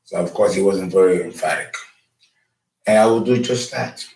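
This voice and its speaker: Brief: deepish man, loose rambling talk, lots of ums and restarts, astrologer host. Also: normal speed, darkish tone, low-quality recording. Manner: rambling, with many fillers and restarts. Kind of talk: casual lecture and phone call.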